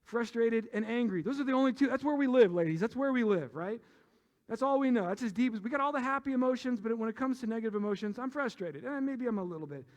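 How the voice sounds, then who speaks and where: A man preaching a sermon as pastor, animated and playful, teasing the congregation and calling for amens. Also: extremely high pitch, fast.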